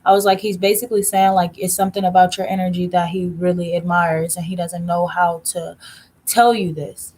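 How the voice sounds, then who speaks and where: A woman tarot reader chatting casually on a livestream, telling a story in a blunt, profane rant and slowing down to stress her points. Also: fairly low pitch, level tone, darkish tone.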